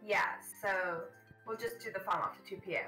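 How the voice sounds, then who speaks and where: A woman's voice: mid-range voice, brisk, over music. A woman co-streaming a game in casual chat, playful and exclamatory. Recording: roomy distant mic with faint hiss.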